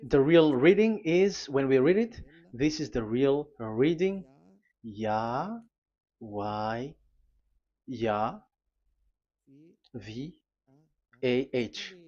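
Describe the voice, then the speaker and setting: A man preaching a sermon, teaching at a board, pausing often with fillers and restarts and spelling out letters. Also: mid-range voice, lively intonation, darkish tone, highs cut off.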